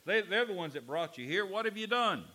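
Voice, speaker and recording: A man voicing a scornful Roman governor, speaking loudly in a raised, exasperated voice. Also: sits high, lively intonation, brisk, pitched above the performer's own voice, rough recording. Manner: loud, raised, exasperated delivery.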